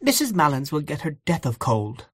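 A man's voice: on the high side, very animated, moderate pace, husky, no room sound, clean studio sound, pitched above the performer's own voice. A man voicing a kindly, fussy elderly aunt in a storybook reading. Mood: fussing.

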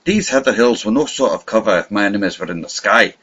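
A man narrating an audiobook in a measured, vivid storytelling manner. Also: on the low side, expressive, fairly bright tone, breathy edge. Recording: slightly muffled lo-fi recording.

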